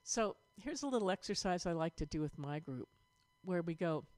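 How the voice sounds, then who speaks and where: A woman choir director leading an online vocal warm-up lesson, upbeat and encouraging as she demonstrates breathing exercises. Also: lowish voice, sing-song, a little fast, no room sound.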